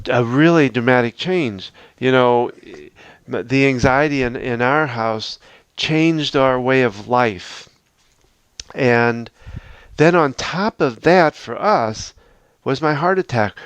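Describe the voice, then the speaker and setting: Smooth-voiced man talking earnestly. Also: medium pitch, no room sound. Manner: earnest, reflective, talks through a numbered list. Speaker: podcast host. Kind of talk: unscripted podcast talk.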